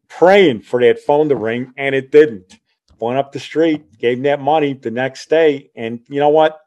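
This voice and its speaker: A man's voice: mid-range voice, a little slow, darkish tone. An older man in his sixties hosts a podcast and tells stories from his own youth. He talks casually and chattily, the way someone would at a kitchen table, and he laughs at his own tales. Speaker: podcast host. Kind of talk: casual personal storytelling.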